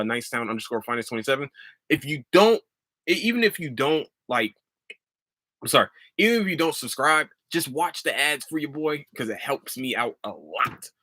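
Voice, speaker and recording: Bright, dry-voiced podcast host. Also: male voice, medium pitch, dry recording. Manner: animated, swears freely, rants then laughs it off. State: voice starting to give out. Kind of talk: casual solo podcast monologue.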